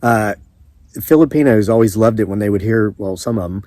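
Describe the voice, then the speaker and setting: A man's voice: on the low side, fairly quick, dark tone, no echo. A man with a Southern US accent, chatting in a rambling, storytelling way as a homesteading vlogger. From American South. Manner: rambling, chatty, frequent restarts and asides. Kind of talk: casual storytelling to camera.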